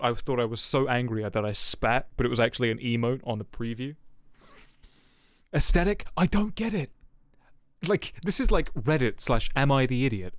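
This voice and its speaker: A man's voice: medium pitch, clear, resonant tone, dry recording, clean studio sound. A young man streaming, telling a rambling story to his chat with lots of fillers and swearing. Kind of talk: casual chat with viewers. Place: home streaming setup.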